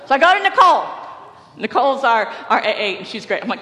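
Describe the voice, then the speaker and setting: A woman pastor preaching a sermon, telling a personal story in a lively way and laughing often. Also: fairly high pitch, fast talker. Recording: echoey hall with long reverb.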